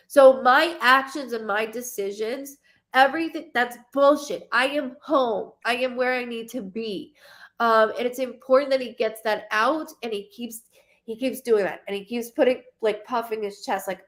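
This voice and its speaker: A woman's voice: on the high side, unhurried. A woman psychic medium giving a live reading, talking in a rambling, emotional way and cursing freely.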